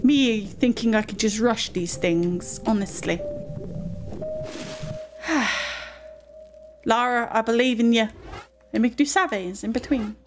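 A woman's voice: fairly high pitch, takes it slowly, long pauses. A woman giving chatty let's play commentary, easily flustered and talking to herself and the game. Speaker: gaming host. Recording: game music under voice. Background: game music.

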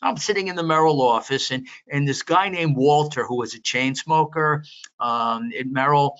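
An older man being interviewed as a veteran market analyst, telling long anecdotes in a rambling, animated way with many restarts. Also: on the high side, moderate pace, dull audio. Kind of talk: storytelling interview.

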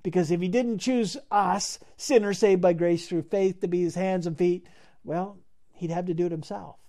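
Guy giving a sermon, warm mellow voice, earnest and emphatic, repeats himself for effect. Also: sits high, steady tone, normal speed. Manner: earnest, emphatic preaching with frequent repetition. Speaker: preacher.

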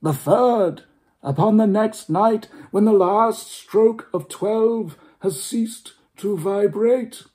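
A man playing a slow, solemn ghost. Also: high voice, a little mellow, pitched above the performer's own voice. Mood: solemn warning. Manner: slow, drawn-out warnings. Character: dead man's ghost, solemn and doom-laden.

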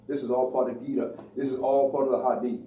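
A man's voice: medium pitch, level tone, quick pace, mellow, a little hiss or hum. A man giving an informal religious lecture in a preachy, slangy way, acting out the voices he quotes. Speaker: religious speaker. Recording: echoey room, distant mic.

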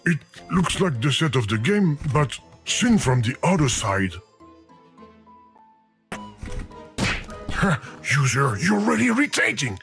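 A man's voice: a little high, sing-song, slow pace, vocal fry, long pauses, fairly bright tone, faint music behind, heavily acted. A man voicing a talking video game that frets over and scolds the player in a theatrical way. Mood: exasperated.

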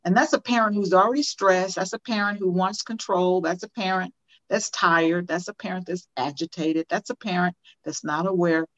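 A woman's voice: lowish voice, fairly even intonation, moderate pace, fairly bright tone, muffled recording. An older woman and motivational speaker, talking as an interview guest and telling personal stories in an earnest, preacher-like way.

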